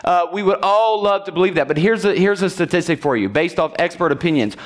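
This pastor's voice sits high and moves a little fast as he preaches in a church sanctuary. He shares a personal story casually, chuckling along the way and regularly checking in with the people in the pews.

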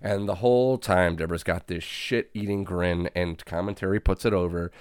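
A man with a very low voice chats casually, recounting events in a relaxed way. The sound is dry and close, with no room around him. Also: normal speed, clean tone, no echo. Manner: laid-back recapping, laughs often. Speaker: podcast co-host. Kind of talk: casual chat.

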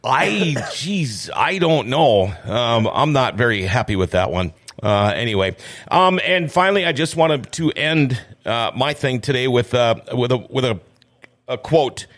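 A man's voice: medium pitch, lively intonation, a little slow, fairly bright tone. A man hosting a talk show in a small studio, chatting through the news with opinions and plenty of filler words. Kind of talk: casual news commentary.

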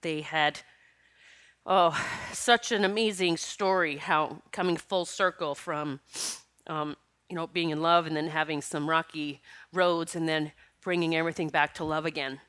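A woman's voice: low voice, steady tone, unhurried, a bit bright, clear, resonant tone. Tearful, sniffling woman podcaster. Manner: emotional, rambling, breaks into laughter between tears. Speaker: podcast host. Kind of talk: casual spiritual podcast monologue.

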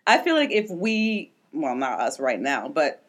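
A woman co-hosting a podcast in casual comedic chat, sardonic and animated, stretching out her words. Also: low voice. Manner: animated, sardonic, drawn-out phrasing. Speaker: podcast co-host.

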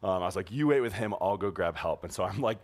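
A young man telling a story in a sermon to a youth group, animated and chatty, full of "like" and "um", laughing as he goes. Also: low voice, fast talker. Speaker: youth pastor.

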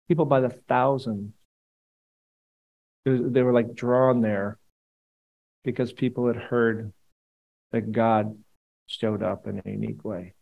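A man preaching a sermon in a relaxed, conversational way. His voice sits at an ordinary middle pitch, and he moves between quiet earnest stretches and lively, joking asides aimed at his listeners. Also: gravelly, muffled recording. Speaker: pastor.

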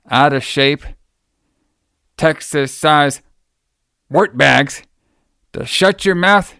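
A man doing an impression of a cocky, boastful male pro wrestler, taunting and brash, in a smooth, dry voice. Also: mid-range voice, a bit bright, dry recording.

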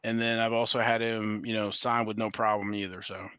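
A man chatting casually as a podcast co-host, his voice bright and smooth. He rambles and corrects himself mid-sentence. The sound is close and dry. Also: lowish voice, level tone, brisk, no echo. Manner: rambling, self-correcting, laughs easily. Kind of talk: casual chat about racing and trading cards.

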